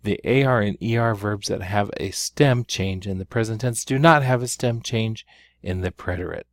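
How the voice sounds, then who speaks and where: A man teaching a recorded grammar lesson, explaining patiently and stressing key syllables loudly. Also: lowish voice, moderate pace, no echo, clean studio sound.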